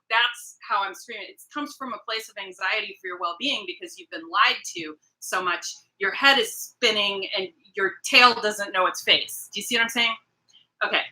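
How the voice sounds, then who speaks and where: A woman's voice: fairly high pitch, bright, forceful tone, rough recording. A woman hosting a casual livestream, talking straight to her viewers in a rambling, emphatic way and greeting people in the chat. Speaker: livestream host.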